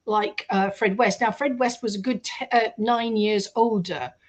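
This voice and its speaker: A woman, a guest on a radio show, telling a story in a lively way and acting out the quoted voices. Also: mid-range voice, unhurried. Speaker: guest researcher. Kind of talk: storytelling in an interview.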